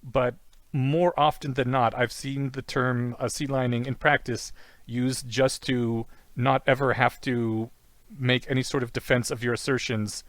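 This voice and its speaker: A male podcast host chatting casually with an animated storyteller's energy. His voice sits mid-range and sounds dry and close to the mic. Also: mid-range voice, measured pace, dry recording. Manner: animated storyteller, acts out quotes.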